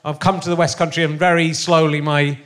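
A man's voice: on the high side, little pitch movement, a little fast, a bit bright. A man hosting a comedy interview podcast in front of a live audience, joking in a self-mocking way and laughing often. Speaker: podcast host.

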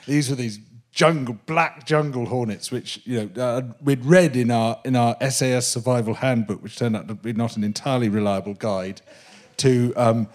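A man, a guest on a live interview show on a theatre stage, telling an animated anecdote with many restarts and laughs. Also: mid-range voice, moderate pace. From Britain. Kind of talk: live comedy-podcast interview, storytelling.

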